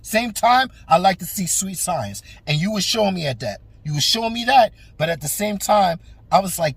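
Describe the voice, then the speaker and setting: A man's voice: high-pitched, animated, normal speed, creaky, slightly rough, no echo. A man hosting a boxing talk show, ranting with lots of swearing and talking straight at the fighter. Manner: profane, emphatic, talks straight at the fighter. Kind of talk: animated opinion rant.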